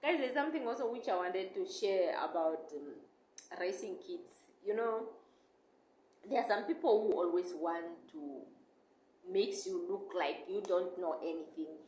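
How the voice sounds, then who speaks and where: A woman's voice: lowish voice, lively intonation, unhurried, darkish tone. A young woman vlogger chatting casually and emotionally, rambling and calling her viewers "guys". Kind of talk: casual chat. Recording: echoey room with faint noise.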